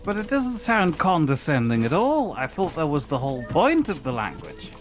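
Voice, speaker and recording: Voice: mid-range voice, huge pitch swings, normal speed, faint music behind. A speaker on a gaming stream with dry, mock-formal humor. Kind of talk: casual gaming chat.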